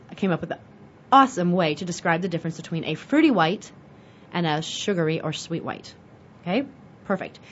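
A woman's voice: lowish voice, slightly rough. An American woman hosting a wine show, chatting casually as she teaches and asking and answering her own questions with animation. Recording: dull lo-fi audio with faint hiss.

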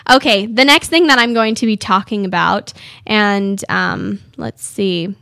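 A woman's voice: mid-range voice, unhurried, creaky, fairly bright tone, dry recording, clean studio sound. A teenage girl from California hosting her own radio show, chatting and rambling with frequent giggles. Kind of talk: casual solo talk show.

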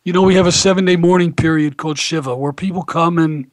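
A man hosts a radio talk show and tells stories in an easy, anecdotal way. His voice sits a little high for a man. The sound is dry and close, with no room around it. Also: quick pace, no room sound. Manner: warm anecdotal storyteller, animated when quoting others. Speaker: rabbi and radio show host. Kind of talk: casual radio talk and storytelling.

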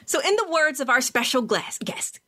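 A woman's voice: sits high, sing-song, normal speed, sharp tone. A woman hosting a radio talk show interview, upbeat and playful.

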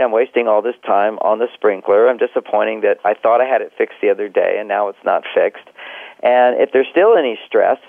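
A man's voice: lowish voice, creaky, no room sound. A middle-aged man who works as a relationship counselor gives advice in an interview, reflectively talking himself through examples and chuckling often. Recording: tinny phone-like line, dry.

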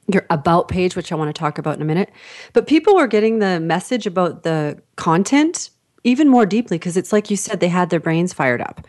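Female host from Canada, mid-pitched voice, chatty and quick to laugh, acts out voices in her stories. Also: a little mellow. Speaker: podcast host, interviewer. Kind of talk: casual interview chat.

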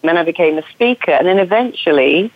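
A woman's voice: on the low side, expressive, fast talker, no echo, narrow, tinny audio. A woman with an English accent, a guest therapist telling her story in an enthusiastic, chatty way. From England. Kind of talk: podcast interview.

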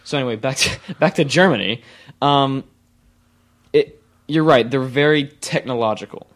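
A man's voice: medium pitch, normal speed. A man co-hosting a casual chat, pushy and rambling, often restarting his sentences. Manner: rambling, pushy, restarts and stutters when excited. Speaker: podcast co-host.

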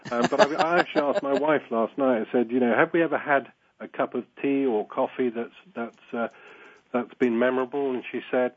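A man's voice: medium pitch, steady tone, fairly quick, breathy edge, lo-fi sound. Hesitant man, full of ums. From England. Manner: hesitant, self-deprecating, many fillers. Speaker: guest panelist.

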